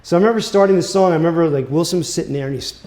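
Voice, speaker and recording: A man telling a story about his music career in a casual, animated way, full of fillers like "right?" and "you know". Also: a little high, rapid-fire. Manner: animated, chatty, with many fillers.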